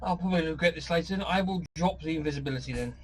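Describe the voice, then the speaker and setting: A man's voice: on the high side, racing. Chatty man playing a tabletop game. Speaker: player. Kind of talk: casual tabletop play.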